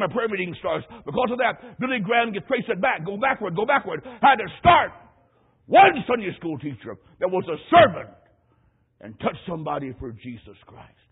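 A high-voiced, husky male preacher delivers an emphatic sermon, spinning a personal story and building to loud peaks. The sound is thin and tinny, like an old radio broadcast.

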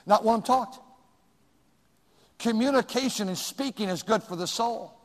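An older man preaching a sermon as pastor, swinging from hushed asides to sudden shouts. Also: high-pitched, moderate pace, long reverb tail.

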